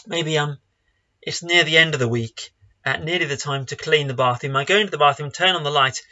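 A man's voice: a little high, fairly quick, pushed and bright, highs cut off. A man, a pastor giving an online sermon in a conversational, lightly joking way. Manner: conversational, self-deprecating humor.

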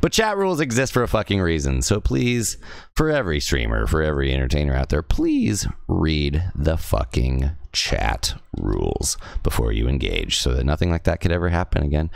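A man's voice: very deep voice, very animated, normal speed, gravelly. A young man streaming a video game and ranting, profane and exasperated. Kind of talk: heated rant while live-streaming a game.

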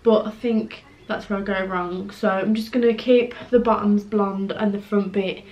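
A woman's voice: medium pitch, fairly even intonation, normal speed, lo-fi sound. A young woman, chatting casually to camera in a rambling home vlog. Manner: chatty, rambling, drops to a near whisper at times. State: out of breath. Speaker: vlogger. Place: home, indoors.

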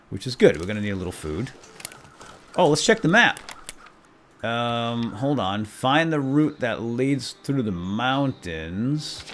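A middle-aged man chatting excitedly through his own gameplay as a let's-play commentator. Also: medium pitch, slight background noise. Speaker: gaming YouTuber.

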